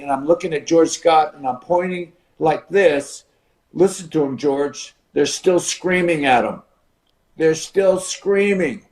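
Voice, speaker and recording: An older man, a retired wrestler, telling a story as a podcast guest and acting out the voices of others with big shifts in loudness. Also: fairly high pitch. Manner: acts out voices of others in his stories, dramatic shifts in loudness. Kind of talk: animated storytelling.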